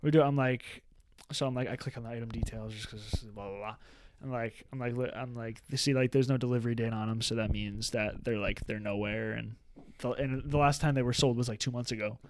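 A man's voice: mid-range voice, fairly even intonation, brisk, slight background noise. Young male podcast co-host, casual, rambling storyteller, lots of filler words. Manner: rambling storyteller, many restarts and "like". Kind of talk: casual chat.

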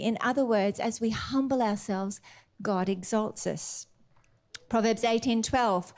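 A woman's voice: fairly high pitch, normal speed. A woman preaching a sermon, retelling a story expressively and then reading scripture aloud. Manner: animated, expressive storyteller, laughs often.

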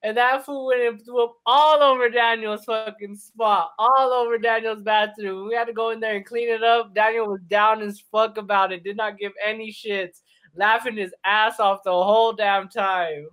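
A man's voice: sits high, moderate pace, smooth. A young man, a podcast co-host, telling a profane, laughing story among friends. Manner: profane, laughing, animated retelling.

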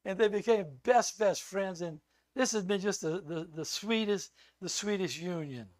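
An older man with a notably high voice preaches as a guest speaker. He tells personal stories and acts out the quoted lines loudly. The sound is close and dry, with no room echo. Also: moderate pace. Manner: animated storyteller who acts out loud quoted lines. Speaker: visiting preacher. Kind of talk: sermon with personal storytelling.

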